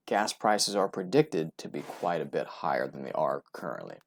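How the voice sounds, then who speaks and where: A man's voice: sits low, very animated, normal speed, gravelly, hardly any pauses. An American man giving casual solo commentary on oil prices, talking loosely with many fillers, restarts and "right?" asides. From United States. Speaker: oil and gas investment commentator.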